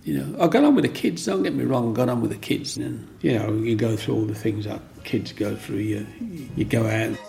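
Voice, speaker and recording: An older man recounts his own story as an interviewee, rambling with restarts and the odd "you know what I mean." His medium-pitched voice is creaky and a little mellow, and he speaks briskly with few pauses. Soft music plays in the background.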